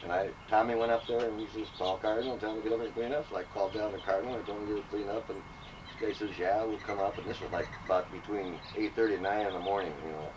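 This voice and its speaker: A man casually telling profane, animated stories about his old police dispatching days. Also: fairly low pitch, very fast. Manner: profane, animated anecdotes with acted quotes. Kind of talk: casual storytelling among old friends. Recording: distant mic, noisy home recording.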